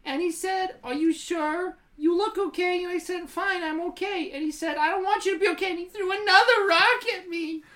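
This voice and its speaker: A woman's voice: extremely high pitch, brisk, hardly any pauses, a bit bright, pitched above the performer's own voice. A woman voicing her dramatic, tearful little schoolgirl sister, reading a diary aloud in breathless, sobbing bursts. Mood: whiny.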